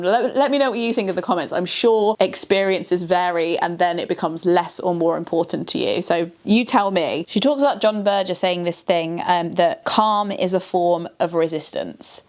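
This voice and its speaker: A woman's voice: fairly low pitch, animated, normal speed. A woman thinking aloud in a reflective vlog monologue, musing and restarting her sentences as she goes. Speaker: video creator.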